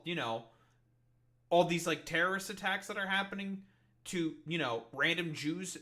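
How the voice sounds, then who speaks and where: A man's voice: fairly high pitch, pushed and bright. A young man giving rambling, profane, sarcastic reaction commentary as a streamer.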